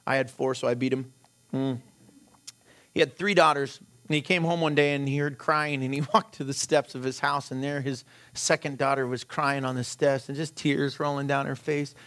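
High-voiced man preaching conversationally. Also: fairly bright tone. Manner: conversational preaching with rhetorical questions and short anecdotes. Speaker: pastor. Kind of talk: sermon.

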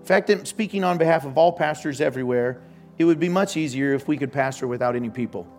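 A man preaching a sermon as pastor, joking and telling stories with sudden loud outbursts. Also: a little high, fast talker, soft background music.

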